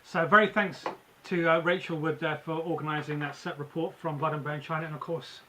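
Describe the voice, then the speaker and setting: Upbeat bright-voiced male host. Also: a little high, steady tone, fairly quick, a little hiss or hum, low-quality recording. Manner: upbeat, reads out viewer comments. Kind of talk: web TV talk show hosting.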